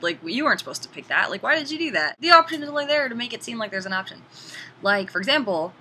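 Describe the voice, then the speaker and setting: Chatty animated woman with a bright voice. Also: sits low, a little hiss or hum, low-quality recording. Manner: animated and chatty, swears casually. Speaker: video game reviewer. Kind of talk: casual spoken game review.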